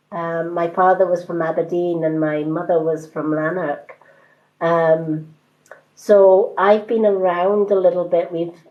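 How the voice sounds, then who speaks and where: A woman in her fifties with a mixed British accent, giving a card reading on a live stream in an unhurried, hesitant, reassuring way with many ums. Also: on the low side, mellow, dull audio. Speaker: tarot card reader.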